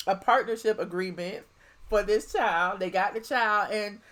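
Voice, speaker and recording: A woman's voice: medium pitch, a little slow, fairly bright tone. A woman hosting a call-in show, taking calls in a laid-back, teasing way. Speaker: host.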